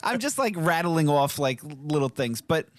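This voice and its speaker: A man's voice: on the high side, very animated, normal speed, no room sound. A man co-hosting a parenting podcast, talking in a rambling, earnest way and laughing easily. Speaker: podcast co-host. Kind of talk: casual podcast chat.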